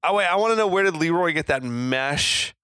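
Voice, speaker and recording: A man's voice: fairly high pitch, expressive, fairly quick, sharp tone, clear, resonant tone, no echo, clean studio sound. A man co-hosting a podcast, chatting about a movie in a laid-back, joking way and swearing freely. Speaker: podcast co-host. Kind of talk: casual movie chat.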